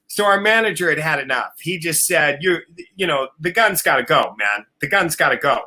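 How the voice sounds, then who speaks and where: A man's voice: on the high side, expressive, moderate pace, pushed and bright. A man telling wild road stories on a casual live video call, laughing often, swearing freely and acting out other people's voices. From family from Oklahoma.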